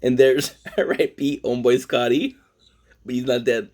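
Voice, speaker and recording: A man's voice: medium pitch, normal speed, darkish tone. A man from Quebec, Canada, streaming a rambling, joking casual monologue full of tangents. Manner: rambling, tangent-prone, joking, self-deprecating.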